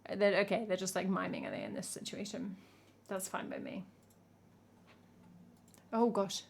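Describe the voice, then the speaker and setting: A woman's voice: medium pitch, sing-song, normal speed, gravelly, a little hiss or hum. A young woman from England, a singer-songwriter, chatting casually and wryly on a live stream as she reacts to a music video. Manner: chatty, wry, jokey asides.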